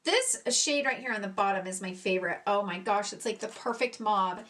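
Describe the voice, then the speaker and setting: A woman's voice: mid-range voice, animated, fairly quick, fairly bright tone. A woman beauty vlogger giving a casual product review, chatty and gushing, swearing casually and poking fun at herself.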